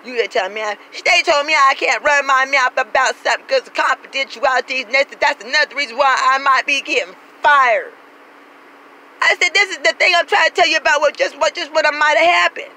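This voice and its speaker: A woman's voice: high voice, a little fast, bright, forceful tone, poor audio. A woman telling a profane comic story in a brash, sassy, street-talking way, acting out everyone she quotes. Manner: brash, swears constantly, acts out every quoted voice.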